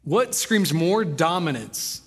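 A young man preaching a sermon, reading scripture aloud and retelling it in a relaxed, conversational way. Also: on the high side, slow pace, husky, big-room sound. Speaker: pastor.

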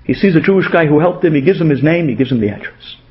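A man's voice: fairly high pitch, quick pace, slight background noise. A man giving a storytelling sermon, acting out the dialogue of the people in his stories. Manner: animated, acts out dialogue in stories. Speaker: speaker giving a Torah talk. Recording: dull lo-fi radio recording.

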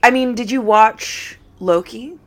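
A woman co-hosting a podcast, blunt and excitable, swearing freely in casual chat. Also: a little high, slow. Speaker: podcast co-host.

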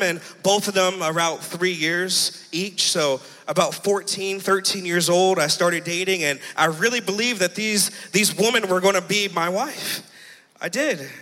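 A man in his twenties giving an impassioned testimony as a preacher in a church, building to shouts. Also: high-pitched, big-room sound, low-quality recording. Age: 20s. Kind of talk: sermon testimony. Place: church sanctuary.

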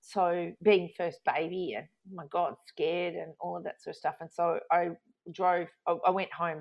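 A woman, chatting casually as she tells a long personal story, rambling and growing animated when she recounts arguments. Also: lowish voice, normal speed, gravelly. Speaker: guest telling a life story. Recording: dull lo-fi recording.

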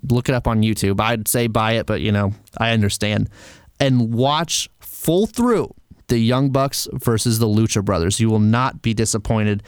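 A man's voice: mid-range voice, clean tone, dry recording, studio quality. A man hosting a solo wrestling commentary show, passionate and argumentative, with sarcastic asides. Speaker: wrestling podcast host.

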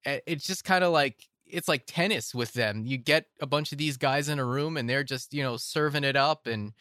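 A man's voice: mid-range voice, normal speed, pushed and bright, no echo, clean studio sound. Enthusiastic man hosting a film podcast. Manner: enthusiastic, repeats himself, restarts phrases. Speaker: podcast host. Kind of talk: casual film discussion podcast.

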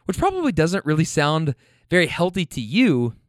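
A man's voice: fairly high pitch, wildly swooping pitch, normal speed, dry recording, studio quality. A man telling a casual story about a couple he drove, loose, chatty and profane.

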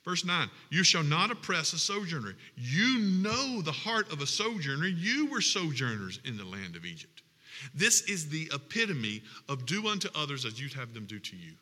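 A man's voice: a little high, sing-song, moderate pace, sharp tone, big-room sound. A man preaching a sermon as pastor, reading scripture and building to emphatic, humorous appeals. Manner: preaching with rising emphatic passages and humorous asides.

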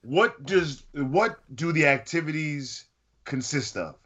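A man's voice: a little high, expressive, a bit bright. A man in casual podcast chat who fires off incredulous questions. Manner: incredulous, rapid-fire questions. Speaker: podcast co-host. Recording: dull lo-fi sound.

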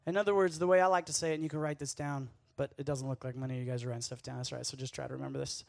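Animated man preaching to a youth camp. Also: medium pitch, rapid-fire, gravelly, no room sound, clean studio sound. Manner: energetic, jokey storytelling with asides to the audience. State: sweating, worked up. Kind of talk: casual youth sermon.

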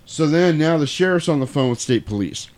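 A man's voice: on the high side, lively intonation, a little fast, darkish tone. A man recapping a movie in casual chat, breaking into exaggerated character voices and laughing as he goes. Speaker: podcast co-host recapping a movie.

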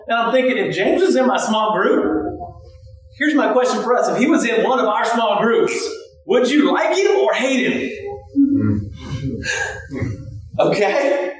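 Animated pastor preaching in an echoey hall. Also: male voice, sits high, moderate pace, recorded from a distance, a little hiss or hum. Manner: animated, shouting bursts, laughing asides. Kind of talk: sermon.

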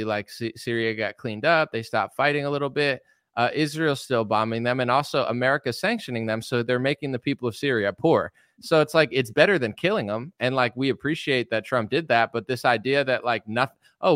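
Casting a male podcast guest, smooth and clear, animated and mocking, in a dry, close recording. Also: medium pitch, dry recording. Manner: animated, mocking, laughs often. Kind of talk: casual political chat.

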